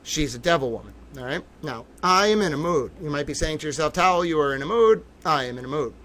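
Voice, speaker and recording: A man hosting a livestream, talking in an excitable, theatrical way that swings from low muttering to loud outbursts. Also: fast talker. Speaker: livestream host. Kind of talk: livestream commentary.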